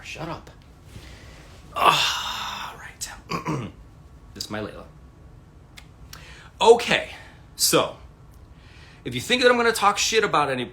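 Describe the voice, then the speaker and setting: A man's voice: on the high side, very animated, takes it slowly, pauses often, pushed and bright. A man in his thirties casually telling rambling stories on a livestream from his room at home, swearing freely, using many fillers and restarts, and acting out what people said. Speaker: livestream host.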